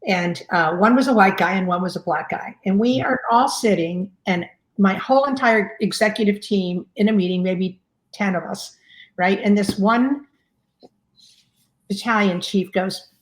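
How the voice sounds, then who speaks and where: A woman's voice: medium pitch, normal speed. A woman in her sixties, a fire chief guest, telling stories in a rambling conversational way with many fillers. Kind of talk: conversational storytelling. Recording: roomy echo.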